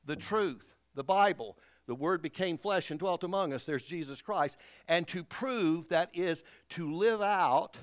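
A Texan man preaching a sermon in a church, folksy and storytelling, with a homespun ease. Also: fairly high pitch. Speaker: pastor. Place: church sanctuary.

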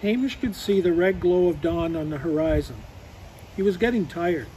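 A man reads a children's storybook in a high yet mellow voice. He is outdoors, with faint rustling and noise behind him. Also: moderate pace, rough recording. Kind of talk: storybook read-aloud.

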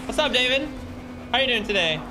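With game music underneath, a young male streamer talks briskly in a very high-pitched, sing-song voice. He chats with his viewers while playing, greeting them by name and joking about the video game.

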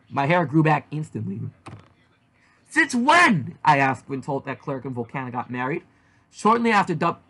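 A man reading a fan story aloud in a husky, slightly breathy voice that sits a bit high for a man. His delivery is animated, and the reading moves along at a lively clip. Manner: animated, with shouted outbursts. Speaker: reader.

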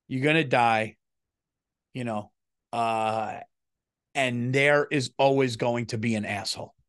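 A man's voice: mid-range voice, takes it slowly, fairly bright tone. A middle-aged man, a comedian hosting his own podcast, telling a story in a loose, rambling monologue, swearing freely and restarting sentences as he goes.

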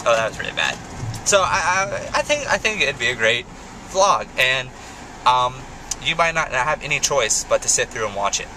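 A man's voice: medium pitch, big pitch swings, moderate pace, background noise. A young man chatting casually in a home video blog, rambling with restarts and little laughs. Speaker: vlogger. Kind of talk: casual vlog chat.

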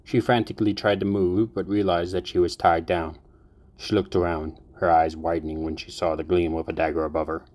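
A man narrating a fan fiction audiobook in a steady, even storytelling manner. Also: low voice, fairly quick.

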